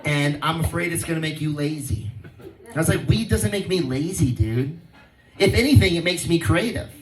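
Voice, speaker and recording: A man's voice: on the high side, expressive, moderate pace, a little hiss or hum. A man in his thirties performing a stand-up comedy set, with a laid-back stoner delivery and rhyming riffs. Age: 30s. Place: live comedy show venue. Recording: roomy live venue, distant mic, loud crowd laughter.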